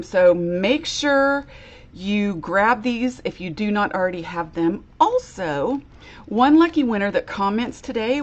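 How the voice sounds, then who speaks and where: A woman's voice: medium pitch, muffled recording. A woman giving a chatty live-streamed craft demo, greeting viewers by name in a bubbly, casual way. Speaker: crafter demonstrating a product.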